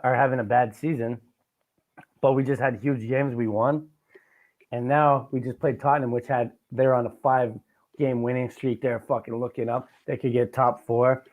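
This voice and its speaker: A young man, hosting a podcast and talking excitedly about sports, swearing often. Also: medium pitch. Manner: excited, swears a lot, passionate sports fan. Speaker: podcast host. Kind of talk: casual chat.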